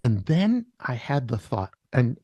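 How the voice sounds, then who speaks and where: A man shares a personal testimony in an interview, unhurried and reflective, often stopping to restart a phrase. His voice is emotional, close to tears, and sits at an ordinary pitch. The sound is dry and close, with no room echo. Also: big pitch swings, warm tone. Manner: slow, reflective, halting with restarts. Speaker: interview guest, worship artist.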